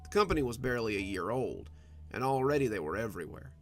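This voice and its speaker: A male narrator with a gravelly, creaky voice reads a dark story in a measured, steady tone. Soft instrumental music plays faintly under the reading. His pitch sits in the middle of the male range. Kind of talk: scripted horror story narration.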